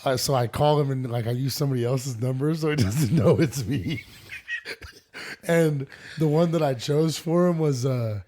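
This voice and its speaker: A man co-hosting a podcast in casual chat, talking excitably and calling his friends bro and dog. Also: mid-range voice, normal speed. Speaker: podcast co-host.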